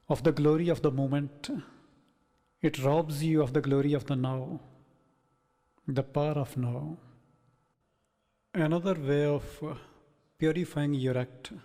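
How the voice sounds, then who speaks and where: A man giving a measured, reflective spiritual talk in short phrases, as a spiritual teacher. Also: a little high, mellow, big-room sound. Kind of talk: slow meditative spiritual talk.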